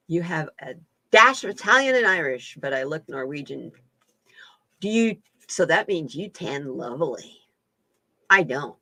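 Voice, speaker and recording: A woman's voice: lowish voice, lively intonation, moderate pace, sharp tone, no echo. A woman hosting a casual live-stream chat as a card reader, folksy and laughing often.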